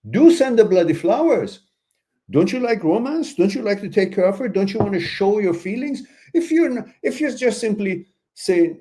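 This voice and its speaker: Here a man fields viewer questions on a live stream, handing out relationship advice that's blunt, preachy and full of emphatic outbursts. His animated voice climbs high when he exclaims, with laughter and asides mixed in.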